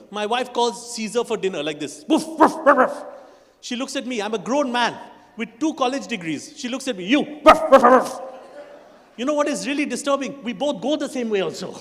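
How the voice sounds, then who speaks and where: A man in his forties, from India, doing stand-up with a notably high voice and an Indian English accent. He works the crowd and teases them in an animated way. His voice rings out on a stage mic into a large hall with a long echo. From Kolkata, India. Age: 40s. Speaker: stand-up comedian. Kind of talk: stand-up comedy set.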